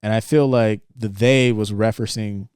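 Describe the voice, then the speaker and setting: A young man with a somewhat low, smooth voice talks at normal speed in a dry, clean studio recording. Co-hosting a podcast, he gives a rambling, animated retelling of a film scene, playing out the characters' lines.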